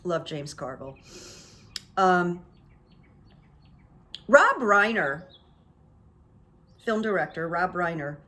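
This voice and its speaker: A woman's voice: on the low side, fairly bright tone. A middle-aged woman hosting her own channel, talking through the news in a chatty, opinionated monologue with asides and fillers. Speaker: host of a psychic commentary channel. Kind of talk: casual political commentary monologue.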